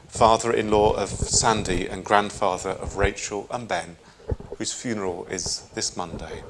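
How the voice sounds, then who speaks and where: A middle-aged man with a British accent, a rabbi leading a synagogue service and reading memorial names in a measured, solemn way with gentle asides. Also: on the low side, slight background noise. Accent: British English. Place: synagogue sanctuary.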